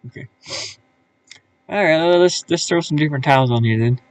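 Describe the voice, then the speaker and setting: A man's voice: a little high, fairly quick, a little hiss or hum. A man streaming live, casually talking to himself as he works, muttering and thinking aloud with many fillers. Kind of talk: casual live-stream commentary while working. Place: his van.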